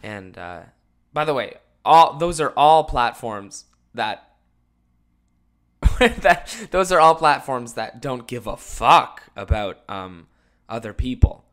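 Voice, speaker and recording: A young man hosting his own podcast with a rough morning voice, rambling jokily between loud outbursts and mumbled asides. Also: medium pitch, expressive, slow. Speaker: podcast host. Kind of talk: casual solo podcast chat.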